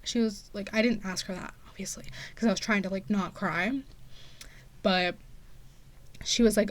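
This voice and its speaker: A woman's voice: medium pitch, steady tone, moderate pace. A young woman in her late teens hosting a podcast, telling a story in a chatty, sassy way and saying "like" a lot. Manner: chatty and sassy, heavy use of "like". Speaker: podcast host. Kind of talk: casual storytelling monologue.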